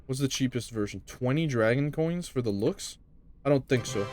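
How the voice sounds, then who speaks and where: A man's voice: mid-range voice, expressive, normal speed, a little mellow, faint music behind. A man giving casual commentary while playing a game, chatty with muttered asides, on a desk microphone. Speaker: gamer.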